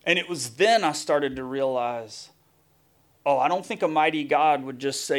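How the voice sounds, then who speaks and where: Emphatic male preacher, higher voice. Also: moderate pace, fairly bright tone. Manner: emphatic, building long lists. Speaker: pastor. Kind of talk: sermon.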